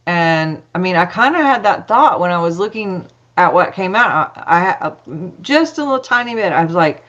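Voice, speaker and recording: A woman's voice: lowish voice, expressive, moderate pace, a bit bright, muffled recording. A woman telling a personal story as a podcast guest, chatty, acting out dialogue with lots of fillers.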